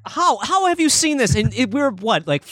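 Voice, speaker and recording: A man co-hosting a casual podcast over a video call, animated and profane, laughing often. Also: very high voice, moderate pace, no room sound, studio quality. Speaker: podcast co-host.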